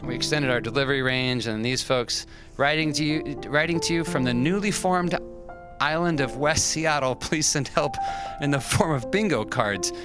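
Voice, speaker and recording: Music plays behind a livestream host, a West Coast American man reading fan mail on a restaurant broadcast. His mid-range voice falters and drifts, packed with fillers and self-mocking asides.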